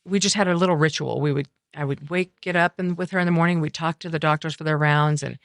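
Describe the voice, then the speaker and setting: A middle-aged woman talking earnestly as a podcast guest, telling a personal story in halting, reflective sentences. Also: low-pitched, steady tone, dry recording, studio quality. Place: coffeehouse.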